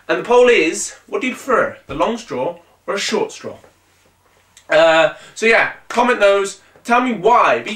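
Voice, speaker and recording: Energetic high-voiced man hosting a vlog. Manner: energetic, sarcastic, jumpy delivery. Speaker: vlog host. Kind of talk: comedic web show hosting. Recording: echoey room.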